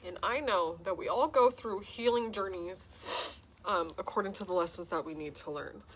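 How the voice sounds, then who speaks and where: A woman's voice: mid-range voice, moderate pace, breathy edge. A woman giving a casual spiritual tarot reading to camera, talking in an earnest, heartfelt, rambling way. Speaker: tarot reader and self-described healer.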